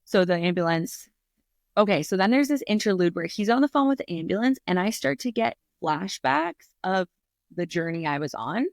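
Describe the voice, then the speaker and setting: Speaking at a normal pace in a gravelly, mid-range voice, a woman author appears as a podcast guest on an interview show. She animatedly and candidly recounts a personal story, swearing freely, acting out her own reactions, and using many fillers. The studio sound is clean, with no echo.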